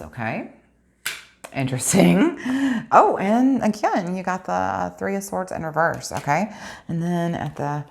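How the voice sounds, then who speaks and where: A woman's voice: a bass voice, vocal fry. A woman giving a spiritual tarot reading, talking earnestly and a bit preachily straight to her viewers. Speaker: tarot reader.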